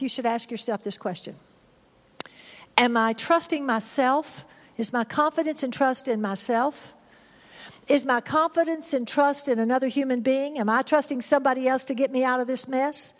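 A middle-aged woman preaching a sermon, emphatic and repetitive, sometimes crying out high. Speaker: pastor. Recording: long hall reverb.

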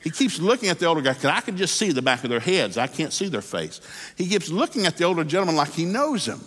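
A man's voice: fairly high pitch, sing-song, fast, fairly bright tone, slightly rough. A man preaching a sermon, telling a folksy story and then calling people to prayer, recorded in a church hall. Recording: hall reverb.

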